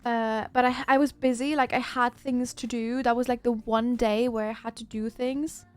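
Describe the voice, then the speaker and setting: A woman's voice: a little high, little pitch movement, normal speed, clear, resonant tone, soft background music. A woman livestreamer chatting casually, telling a rambling story with lots of fillers and restarts.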